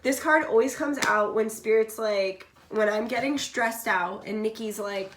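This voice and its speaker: A woman's voice: fairly high pitch, a little slow. A woman doing a casual tarot reading, blunt and chatty, swearing freely and coughing now and then while she is sick. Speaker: tarot reader. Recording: echoey room, faint background noise.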